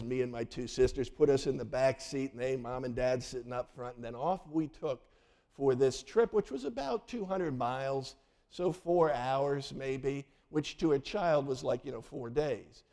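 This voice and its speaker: A man's voice: mid-range voice, moderate pace, mellow. A man in his sixties, a pastor telling a childhood story in a sermon and acting out the people in it. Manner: storytelling, acting out voices of family in the tale.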